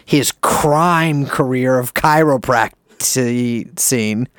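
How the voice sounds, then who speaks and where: A man co-hosting a comedy podcast, telling a story in a rambling, profane way with big jumps in pitch. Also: drawn-out words, fairly bright tone, clean tone, no echo, studio quality. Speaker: podcast co-host.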